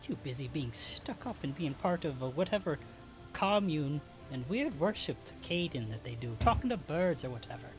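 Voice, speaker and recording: A man voicing a skinny, blunt female halfling shopkeeper in a tabletop game, speaking high and prying. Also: big pitch swings, normal speed, over music. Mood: scornful.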